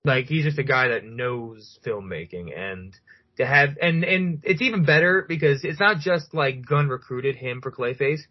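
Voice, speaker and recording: A man's voice: medium pitch, lively intonation, normal speed. A man co-hosting a casual podcast, enthusiastic and fan-minded, hedging often with ums and "I mean". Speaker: podcast co-host. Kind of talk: casual chat. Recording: dull lo-fi sound.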